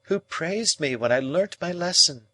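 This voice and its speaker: A cold, proud young woman, as a male narrator voices her in an audiobook. She lifts her voice only slightly and reasons in slow, measured, cutting sentences. The sound is close and dry. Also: a little high, lively intonation, sharp tone, no room sound, pitched above the performer's own voice, heavily acted.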